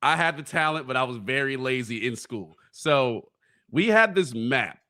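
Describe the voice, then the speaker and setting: A man's voice: medium pitch, animated, normal speed, pushed and bright. A young man co-hosting a sports podcast, telling school stories in a laid-back way and laughing along. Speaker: co-host. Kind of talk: casual sports podcast chat.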